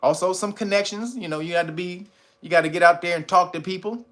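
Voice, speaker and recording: Man hosting a talk monologue, blunt, profane, laughs a lot, bright voice. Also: high voice, fast talker. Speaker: channel host. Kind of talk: casual commentary monologue.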